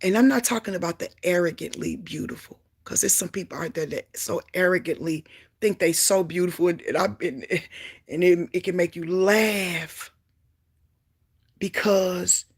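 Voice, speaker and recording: A woman sharing a Christian testimony in a preaching style, fervent and emphatic, swinging between loud exclamations and low asides. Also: creaky, breathy edge. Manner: emphatic repetition.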